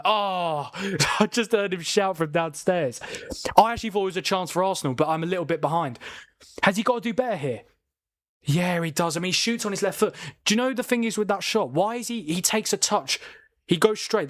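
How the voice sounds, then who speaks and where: A young man talks through a live football watchalong at home, chatty and easily excited. His voice sits a little high and sounds dry and close, with no room echo. When a big chance arrives, he jumps into loud, high calls. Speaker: watchalong host. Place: room at home, family downstairs.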